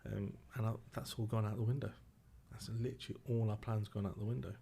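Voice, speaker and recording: A middle-aged man speaks low and subdued. He tells a personal story haltingly and emotionally, breaking off and restarting his sentences. He is a guest on a podcast. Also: little pitch movement, creaky, dark tone, slight background noise.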